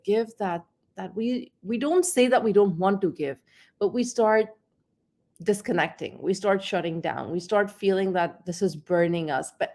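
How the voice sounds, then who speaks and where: A woman's voice: medium pitch, creaky, a little mellow. Middle-aged woman talking parenting, thoughtful, repeats herself a lot while she thinks. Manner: reflective, repeats words as she searches for them. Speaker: parenting coach. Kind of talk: conversational talk on parenting.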